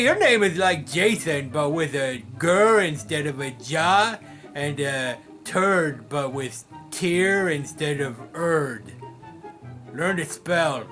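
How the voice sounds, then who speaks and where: A man's voice: on the high side, pushed and bright, exaggerated voice. A man playing Oswald, a silly childlike man who rambles cheerfully and obliviously.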